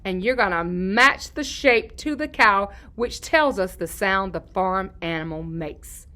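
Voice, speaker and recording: A woman teaching a lesson to young children, in a sing-song way, repeating key words slowly and answering her own questions. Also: mid-range voice, lively intonation, bright, forceful tone. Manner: asks questions and answers them herself.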